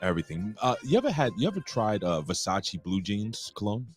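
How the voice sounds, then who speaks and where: Boisterous low-voiced podcast host. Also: male voice, big pitch swings, fairly quick, soft background music. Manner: boisterous ring-announcer shouting, profane jokes. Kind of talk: casual wrestling podcast chat.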